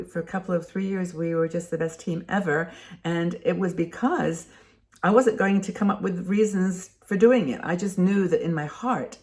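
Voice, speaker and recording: A woman's voice: fairly low pitch, creaky, darkish tone. An older woman hosting a show, talking casually and rambling, with frequent restarts and fillers. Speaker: host. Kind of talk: casual talk to camera.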